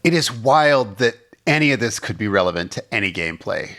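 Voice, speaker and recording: Low voiced guy, sharp and punchy, swearing and snarking at the game. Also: animated, fairly quick. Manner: sardonic, profane wisecracks. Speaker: co-host, commentator. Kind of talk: casual podcast chat.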